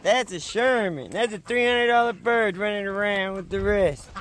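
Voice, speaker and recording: A man's voice: sits high, moderate pace, a crowd in the background. A man vlogging outdoors on his homestead, bantering playfully with his chickens and roosters. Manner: playful, jokey banter with farm animals. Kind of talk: casual vlog narration. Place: outdoors on a homestead among poultry.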